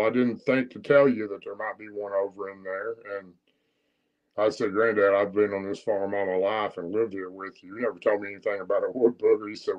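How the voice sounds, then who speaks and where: A man's voice: on the low side, steady tone, fairly quick, a little mellow, dull audio. A man with a Southern US accent telling a personal encounter story in a plain-spoken, rambling, folksy way. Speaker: guest storyteller.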